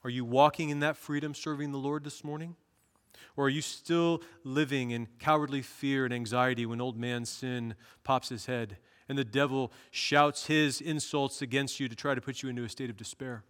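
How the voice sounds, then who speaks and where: A man's voice: medium pitch, steady tone, normal speed, fairly bright tone, smooth. Earnest male pastor preaching in a hall. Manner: earnest, rising to emphatic bursts. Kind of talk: sermon.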